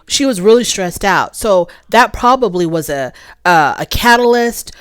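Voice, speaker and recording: A woman hosting her own channel and recapping a reality show in a casual, opinionated way. She is animated and repeats her points for emphasis. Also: medium pitch, normal speed, clean tone, no room sound, studio quality.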